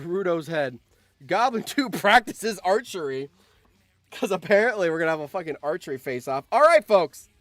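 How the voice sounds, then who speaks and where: Excitable young man streamer, lively pitch. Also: dry recording. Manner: excitable, swearing, bursts of shouting. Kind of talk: reacting to a simulator game.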